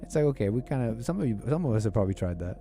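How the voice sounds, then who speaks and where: Rambling, animated man hosting a podcast. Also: medium pitch, racing, faint music behind. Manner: rambling, self-interrupting storytelling with laughs. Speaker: podcast host. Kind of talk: casual talk-show monologue.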